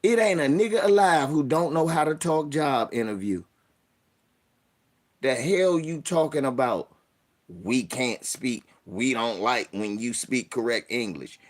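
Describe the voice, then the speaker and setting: A young man hosting a casual livestream, telling stories with animated delivery and mock voices. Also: medium pitch. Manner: animated storytelling, puts on voices and mock formal talk. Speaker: streamer host.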